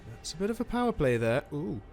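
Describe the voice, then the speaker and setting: Excitable man calling a strategy match. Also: a little high, fast talker. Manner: excitable, animated play-by-play with frequent exclamations. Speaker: game commentator. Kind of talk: live strategy game commentary.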